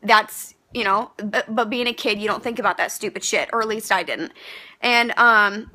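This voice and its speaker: A woman's voice: medium pitch, normal speed, bright, forceful tone. A pregnant young woman ranting frankly to camera, heated and profane, with many fillers and restarts. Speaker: vlogger. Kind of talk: casual rant to camera.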